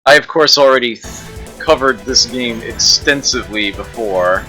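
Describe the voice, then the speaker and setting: A man streaming old arcade games, chatting casually with viewers, laughing often and filling pauses with uhs. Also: mid-range voice, sharp tone, poor audio. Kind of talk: casual gameplay commentary. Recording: backup mic, music behind.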